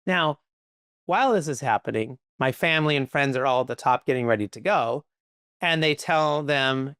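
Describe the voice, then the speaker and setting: A man, a podcast guest, telling stories in a lively conversational way, full of "like" and "right?". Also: medium pitch, smooth, dry recording, studio quality. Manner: animated, quick, peppered with "like" and "right?". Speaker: podcast guest, company leader. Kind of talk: conversational storytelling.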